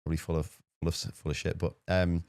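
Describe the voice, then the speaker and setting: This UK podcast guest has a low-pitched voice that is creaky yet smooth, with no audible room sound. He spins a casual tale rapidly and with energy, repeating words a lot.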